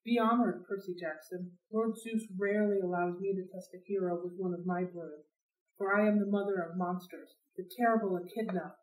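A woman's voice: fairly low pitch, fairly even intonation, normal speed, lightly acted. A woman voicing a cruel, gloating snake-woman who is mother of monsters, in a mock-sweet, hissing manner. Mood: menacing. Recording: roomy sound, distant from mic.

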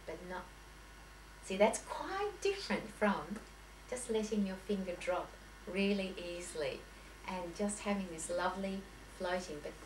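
A woman's voice: medium pitch, expressive, measured pace. A woman piano teacher giving a lecture to teachers, talking in a chatty, anecdotal way with many restarts and self-corrections. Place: lecture room. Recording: echoey room, voice from far off, faint hiss.

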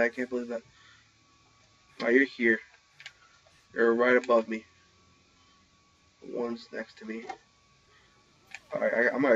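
A young man giving excited live commentary while playing an online shooter, talking into a headset. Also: medium pitch. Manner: excitable, reacting loudly to kills. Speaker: gaming channel host. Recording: slightly dull lo-fi recording.

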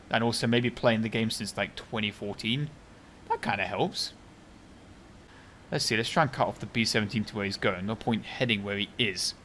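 A man giving chatty, sarcastic gameplay commentary, muttering one moment and bursting out loudly the next. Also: medium pitch, slight background noise. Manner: chatty and sarcastic, swinging from mutters to loud outbursts, heavy slang. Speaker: video game commentator.

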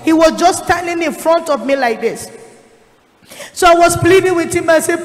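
A woman's voice: very high voice, lively intonation, moderate pace, long reverb tail. Emotional woman evangelist. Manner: emotional, rising to shouting. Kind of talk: sermon testimony.

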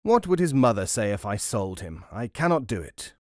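A proud, quick-tempered carpenter who protests loudly and emphatically, as a man reading a folk tale puts him on. The voice is close and dry. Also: on the low side, very animated, no room sound. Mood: protective. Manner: indignant, emphatic. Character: proud, hot-tempered grown father carpenter.

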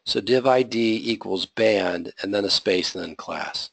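A man's voice: on the low side, unhurried, creaky, a little hiss or hum. A man teaching a web design class, talking through his code step by step and checking in with the students. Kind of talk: live coding lecture.

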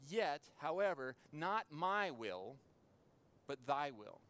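A man's voice: a little high, sing-song, takes it slowly, fairly bright tone, exaggerated voice. A man voicing Jesus in prayer, in a solemn and prayerful manner.

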